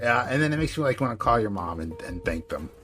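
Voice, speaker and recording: A man co-hosting a podcast, talking in a loose, rambling way and packing his sentences with filler words. His pitch sits in an ordinary middle range. Faint music plays under his voice. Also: fast. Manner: rambling, animated, heavy use of "like". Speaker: podcast co-host. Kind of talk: casual chat.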